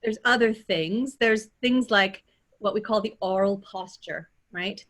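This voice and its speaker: This woman, a Californian-accented dialect coach, teaches pronunciation at a workshop, modeling sounds with lively energy and tossing in "right?" often. She speaks at an unhurried pace with a medium pitch.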